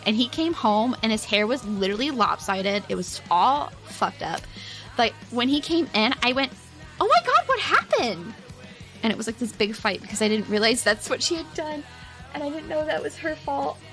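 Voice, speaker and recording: A woman's voice: a little high, moderate pace, music in the background. A young woman streaming, telling a long family story in a rambling, giggly way, peppering every phrase with "like". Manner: rambling, giggly, heavy use of "like". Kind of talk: casual storytelling to a live chat.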